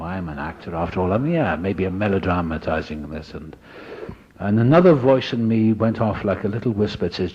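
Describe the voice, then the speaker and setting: A low-voiced older man tells his own story of recovery to a listening audience. He is animated and acts out the people he met along the way. The voice is husky and the recording sounds dull and lo-fi.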